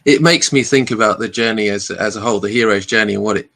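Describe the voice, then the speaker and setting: A man hosting an interview, reflecting slowly with many pauses and restarts. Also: fairly low pitch, gravelly, fairly bright tone. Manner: thoughtful, halting, with many restarts. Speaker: podcast host.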